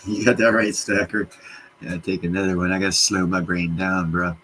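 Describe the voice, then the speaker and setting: On a rough recording with a slight hiss, a man whose voice is very deep hosts a relaxed livestream and answers chat at a normal pace. He rambles across subjects, gets worked up and swears plenty.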